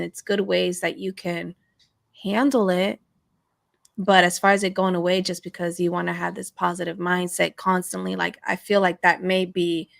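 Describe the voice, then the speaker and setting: Woman co-host with a gravelly fry. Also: on the low side, fairly bright tone, no room sound, clean studio sound. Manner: earnest, slangy, with fillers. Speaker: podcast co-host. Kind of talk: casual chat.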